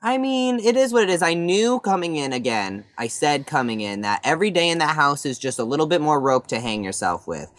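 Brief: sassy reality-show guest, very lively pitch, dry close sound. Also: male voice, brisk, hardly any pauses, no echo. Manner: animated, sassy, laughs easily. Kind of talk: casual interview answers.

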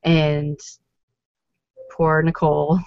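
A woman's voice: low voice, monotone, extremely slow, gravelly, dry recording. Chatty woman gossiping. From Canada. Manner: chatty, gossipy, lots of fillers and quoted asides. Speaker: podcast co-host. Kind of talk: casual chat. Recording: dull lo-fi recording.

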